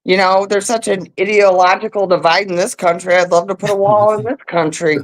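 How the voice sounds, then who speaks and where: A woman's voice: mid-range voice, fairly even intonation, a little fast, poor audio. A woman guest on a video call, ranting bluntly and profanely in a heated political chat.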